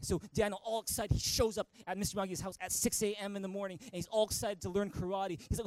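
A man's voice: high-pitched, steady tone, quick pace, few pauses, darkish tone, dry recording, rough recording. A male pastor preaching a storytelling sermon in church, with many stammered restarts.

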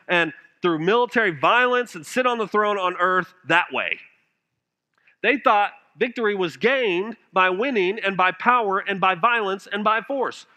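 A man preaching with a high, bright, ringing voice. He presses earnest rhetorical questions at his listeners. His volume swings from strong emphasis down to near-hushed tones. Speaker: pastor. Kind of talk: sermon.

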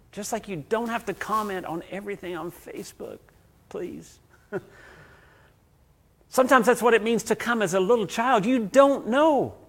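A man preaching a sermon as pastor. He tells stories, swinging between loud passages and hushed ones. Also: sits high.

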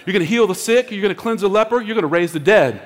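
Animated preacher man in echoing hall. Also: high-pitched, very fast. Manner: animated, acts out voices in his stories. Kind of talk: animated sermon storytelling. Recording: long hall reverb.

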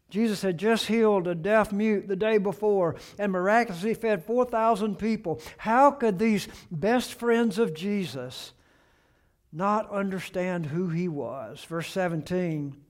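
A man preaching a sermon in earnest, rising on the questions he quotes and dropping low and soft to close each point. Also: measured pace.

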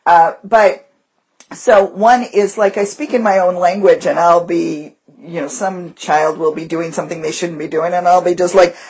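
A woman's voice: fairly low pitch, moderate pace, husky, muffled recording. A woman teacher co-hosting a podcast, chatting casually and animatedly about her classroom. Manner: animated storyteller, breaks into voices. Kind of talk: casual chat.

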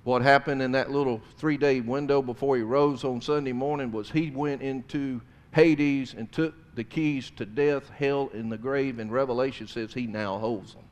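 A man preaching a sermon, swinging between loud emphasis and hushed tones. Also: mid-range voice, steady tone, normal speed, hardly any pauses.

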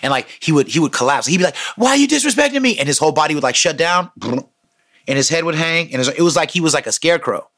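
A man hosting a podcast, telling street stories in a casual, profane, animated way and acting out quotes. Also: on the high side, fast. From San Francisco Bay Area. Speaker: podcast host. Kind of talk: casual storytelling monologue.

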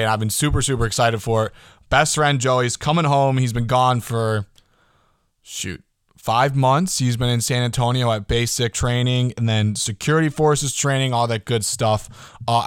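An excitable young man in his early twenties talks alone into a close mic, his mid-range voice bouncing along as he rambles and swears casually. The sound is dry and close, with no room behind him. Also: medium pitch, no room sound. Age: early 20s. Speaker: podcast host. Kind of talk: casual solo podcast talk.

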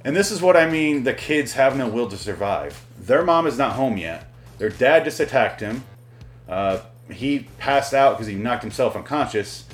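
A man's voice: mid-range voice, expressive, normal speed, roomy sound, faint music behind. A man recapping a movie in a casual, comic way, sarcastic and profane, sometimes acting out the characters. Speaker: movie reviewer. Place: hot room at home with the air conditioning off.

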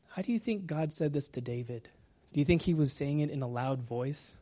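A man preaching a sermon as pastor, talking gently and sometimes dropping to a whisper. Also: a little high. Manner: slow, gentle, drops to a whisper at times.

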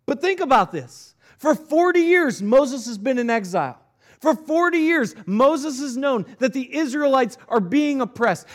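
A male pastor preaching a sermon, reading scripture aloud and retelling it in earnest, conversational words. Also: very high-pitched.

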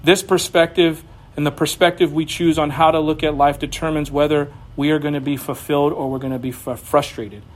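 A young man preaching a sermon, animated, with bursts of raised voice. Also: on the high side, a little fast. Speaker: pastor.

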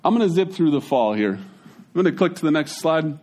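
A man, giving a casual, conversational sermon as a pastor, with folksy, animated storytelling. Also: a little high, fairly quick.

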